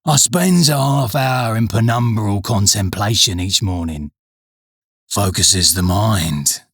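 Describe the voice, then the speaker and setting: A man voicing a gruff, lazy, middle-aged male army stores boss with a slow, drawling manner and slangy grammar in a comic audiobook. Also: dry recording, clean studio sound, exaggerated voice. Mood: lazy menace. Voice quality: gruff, low.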